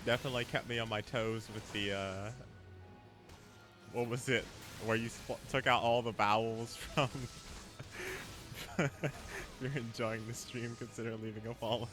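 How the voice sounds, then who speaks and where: A man's voice: medium pitch, fairly even intonation, moderate pace, pauses often, music in the background. A man streaming a game, chatting casually with viewers and laughing often. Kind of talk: casual live-stream chat.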